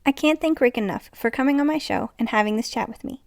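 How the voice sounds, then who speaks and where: A woman's voice: fairly high pitch, fast talker, no room sound, studio quality. A woman hosting a podcast, talking in a bubbly, effusive way to her listeners. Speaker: podcast host. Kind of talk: casual podcast chat.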